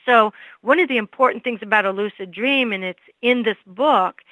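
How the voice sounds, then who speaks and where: A woman's voice: fairly high pitch, bright, forceful tone, no echo, poor audio. A woman guest on a radio interview, telling a story and acting out the people she quotes. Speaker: guest author.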